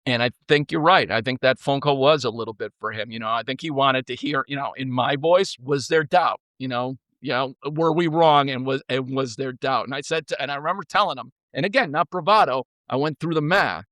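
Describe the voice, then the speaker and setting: A man in a podcast interview, telling stories in an energetic, blunt way and swearing freely. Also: mid-range voice, fairly quick, hardly any pauses, dry recording. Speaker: podcast guest, former co-CEO. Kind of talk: casual storytelling.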